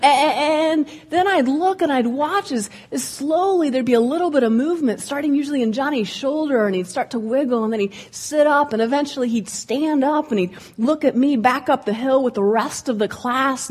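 A woman's voice: high-pitched, moderate pace, hardly any pauses, slightly rough. A woman, a former ski instructor, giving a humorous storytelling speech to an audience in a room and acting out the characters' voices. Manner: lively, comic, acts out voices.

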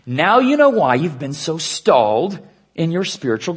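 A man preaching an earnest sermon, dropping to a hush and slowing down to stress key points. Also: fairly high pitch, very animated, slightly rough. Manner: earnest preaching with hushed, slowed emphasis. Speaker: pastor.

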